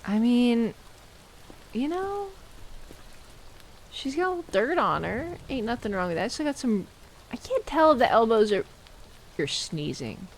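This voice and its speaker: Woman, game streamer, casual commentary, playful, self-mocking, slow-paced. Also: on the high side, very animated, a little hiss or hum. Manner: exclaims loudly when startled.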